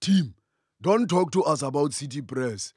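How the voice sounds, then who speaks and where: A brash, arrogant young politician, as a man puts him on, blustering and dismissive in a satirical puppet sketch. The voice is fairly high for a man and dry. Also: animated, a little slow, a little mellow, husky, no room sound. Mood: scornful. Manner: blustering, royal "we".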